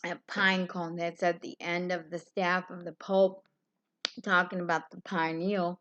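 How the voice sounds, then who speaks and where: Woman, bright edge to the voice, angry profane live-stream rant, loose and rambling. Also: lowish voice, fairly even intonation, slow pace, highs cut off. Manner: furious, heavy swearing.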